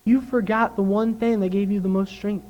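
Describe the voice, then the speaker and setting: A patient father answers his daughter in a sermon story, voiced by a young man. He speaks softly and gently, without hurry. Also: high voice, little pitch movement, normal speed, lo-fi sound, close to an everyday voice. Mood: gentle. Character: calm, patient father of a little girl.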